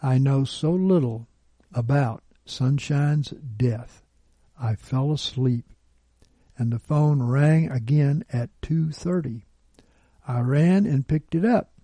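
A man's voice: mid-range voice, slow, mellow, dry recording. A man narrating a personal account in an earnest, pleading storytelling manner.

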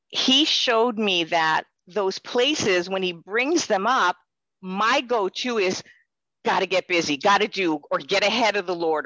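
Bright-voiced woman telling a testimony. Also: fairly low pitch, no room sound, highs cut off. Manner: earnest, rambling storytelling with quoted dialogue. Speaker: member sharing a personal testimony. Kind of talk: faith testimony, casual storytelling.

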